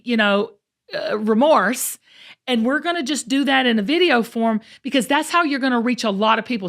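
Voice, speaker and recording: A woman's voice: high-pitched, fairly bright tone. A middle-aged woman, hosting and coaching her guests, earnest and emphatic, often repeating words as she presses a point. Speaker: host and coach. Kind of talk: encouraging coaching talk.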